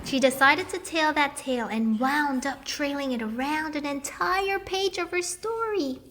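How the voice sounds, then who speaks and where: A woman reading a children's picture book aloud with expressive, animated narration. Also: high-pitched, a little slow, slight background noise. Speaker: storybook reader.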